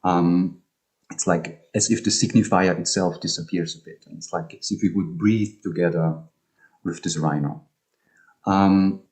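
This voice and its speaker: A man's voice: low-pitched, darkish tone. A man giving an online academic talk on music and poetry, speaking hesitantly with many ums and restarts over a video call.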